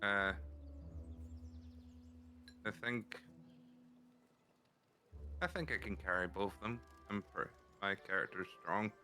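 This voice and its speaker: A man plays a tabletop game very slowly, his voice bright and sharp, pausing and restarting as he explains his moves and chuckles. He is on an online voice call. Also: lowish voice, fairly even intonation, soft background music. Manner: hesitant, stop-start, chuckling. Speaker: player.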